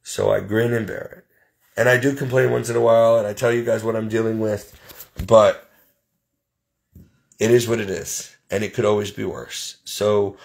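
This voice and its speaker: A man's voice: fairly low pitch, little pitch movement, normal speed, vocal fry, long pauses, darkish tone. A man talking straight to his viewers in a casual vlog, listing his troubles in a plain-spoken, exasperated way. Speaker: vlogger. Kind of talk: casual personal venting to camera.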